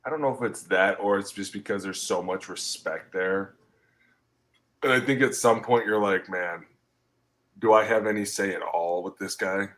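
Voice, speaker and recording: A man's voice: on the low side, moderate pace. A man in his thirties co-hosting a sports podcast, ranting in casual talk and acting out what players say to each other. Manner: animated ranting, acting out quotes. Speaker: podcast co-host, former player.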